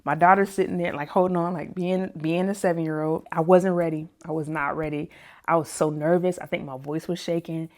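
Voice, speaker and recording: Animated woman telling a story, low-pitched. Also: a little fast. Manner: animated, laughs often, acts out other people's lines in a higher voice. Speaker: plant-based personal chef and vlog host. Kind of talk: casual storytelling to camera.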